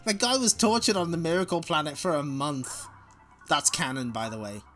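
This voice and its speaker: A man's voice: fairly high pitch, normal speed, fairly bright tone, soft background music. Swearing, laughing man reading comics aloud. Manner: laughs often, swears, breaks off to comment. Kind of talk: casual comic read-along with voices.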